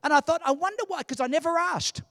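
A man in his sixties preaching a sermon in church, animated and humorous, with emphatic delivery. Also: extremely high pitch, fast talker, dry recording, clean studio sound. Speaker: pastor.

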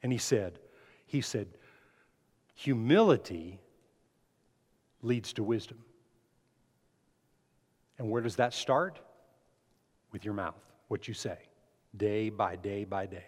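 A man's voice: fairly low pitch, measured pace, long pauses. A man preaching a sermon, asking the congregation questions and building emphasis as he speaks. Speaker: pastor. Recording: long hall reverb.

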